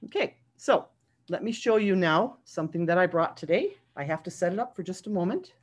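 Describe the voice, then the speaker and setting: A woman who is a children's librarian, hosting a story time over a video call and talking warmly to young children. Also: lowish voice, lively intonation, a little fast. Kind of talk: read-aloud story time for kids.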